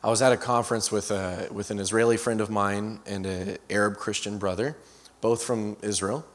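A man's voice: on the low side, steady tone, normal speed. Male guest preacher, anecdote-heavy sermon, self-correcting asides, long hall reverb. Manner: storyteller with frequent restarts and asides. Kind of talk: storytelling sermon.

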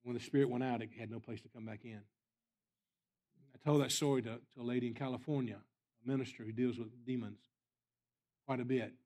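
A man's voice: medium pitch, fairly even intonation, a little fast, pauses often, dark tone. Guest preacher, male, earnest storyteller, voice in the middle range. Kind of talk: storytelling sermon.

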